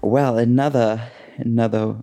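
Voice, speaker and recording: A man hosting a casual interview, talking in an easygoing, halting way. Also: medium pitch, steady tone, warm tone, faint music behind. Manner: halting, easygoing, with fillers and laughs. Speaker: host.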